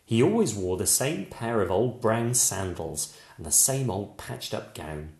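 Male picture-book narrator, very animated, unhurried, echoey room. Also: lowish voice, vocal fry. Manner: slow, lively expressive narration. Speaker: storyteller. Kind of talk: children's picture book read-aloud.

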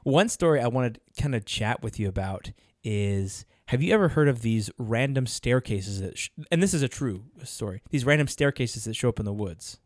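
A man's voice: medium pitch, animated, moderate pace, few pauses, no echo, studio quality. A man co-hosting a podcast in casual chat, laughing often and reading notes aloud. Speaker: podcast co-host.

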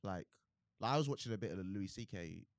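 Young man, podcast co-host, animated and argumentative, expressive pitch, dry sound. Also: fast, dry recording. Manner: animated, argumentative, laughs easily. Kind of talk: casual chat.

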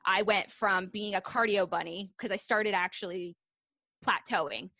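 Bright, candid young woman chatting. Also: mid-range voice, fairly even intonation, measured pace, no echo. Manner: chatty and candid, lots of ums and likes. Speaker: guest, fitness coach. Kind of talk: casual podcast interview.

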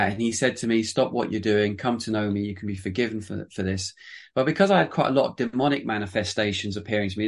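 A man, a pastor and church planter, telling his life story in an interview in a rambling, self-deprecating way with many restarts. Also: on the low side.

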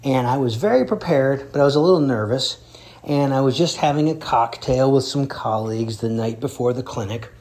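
A man's voice: medium pitch, brisk, darkish tone. A man, a drummer and educator, telling heartfelt stories in a spoken tribute. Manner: earnest storytelling.

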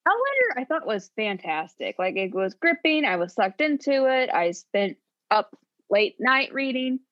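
A woman's voice: a little high, big pitch swings, measured pace. Chatty woman on a dull lo-fi recording. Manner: chatty and playful, with frequent laughs. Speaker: podcast co-host. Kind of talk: casual book chat.

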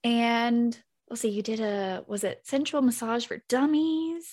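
A woman's voice: a little high, fairly even intonation, measured pace, a little mellow. A woman interviewing a guest in a casual chat, asking questions and cutting in with short affirming interjections.

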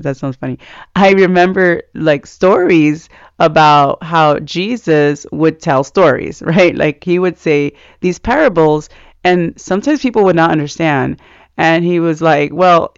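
A man's voice: on the high side, creaky, clear, resonant tone, dry recording. A man giving a casual, rambling devotional talk about reading scripture, earnest, with many fillers. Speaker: Christian speaker. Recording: dull lo-fi sound, dry.

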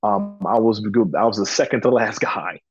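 A man from Georgia, a pro wrestler, telling his story in a relaxed interview, full of ums and acted-out quotes. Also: fairly low pitch, normal speed, muffled recording. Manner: relaxed, chatty, frequent ums, acts out quoted dialogue. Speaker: guest, professional wrestler.

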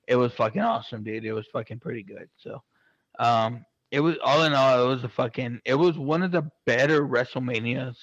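An excitable man talking casually and swearing at every turn, rambling through loads of fillers. His voice sits in an ordinary middle pitch. The recording is dull and lo-fi, with a dry, close sound. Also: no echo. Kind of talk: casual chat.

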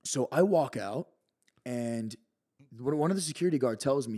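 A man, a podcast guest, telling a story in an animated, excitable way, heavy on swearing and filler words. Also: medium pitch, moderate pace, husky. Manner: excitable, profane, peppered with "bro" and "like".

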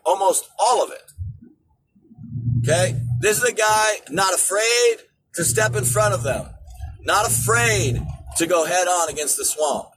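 A man hosting a political commentary show, ranting in an animated way and rising to shouts. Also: high-pitched, slight background noise, rough recording. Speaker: show host.

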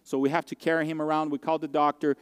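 A male pastor delivers a sermon in a slightly raised, smooth and resonant voice. He speaks earnestly, often circling back and restarting his sentences. His words ring out with a long reverb in a large hall. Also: fairly high pitch, little pitch movement. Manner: earnest, heartfelt storytelling with halting restarts.

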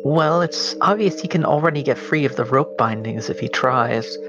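A man's voice: mid-range voice, normal speed, muffled recording, over music. A man playing a tabletop game, speaking in a mild, hesitant way. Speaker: player. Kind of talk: casual tabletop play.

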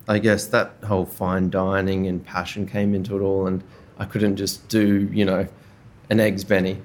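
A young adult man with an Australian accent, a chef talking about his career as a podcast guest in a relaxed, chatty way with lots of fillers. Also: on the low side. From Brisbane, Australia. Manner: easygoing and chatty, with relaxed slang and frequent fillers. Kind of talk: casual conversational interview.

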